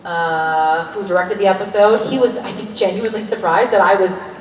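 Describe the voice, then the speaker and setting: Woman from Canada, convention panel guest, animated and joking, echoey hall, distant mic, faint room noise. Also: mid-range voice, normal speed. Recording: echoey hall recording from far off.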